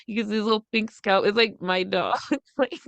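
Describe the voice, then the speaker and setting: A woman's voice: medium pitch, steady tone, normal speed, vocal fry, a bit bright, no echo. A woman co-hosting a podcast in casual chat, gossiping bluntly with frequent cursing and laughing through her sentences. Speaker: podcast co-host.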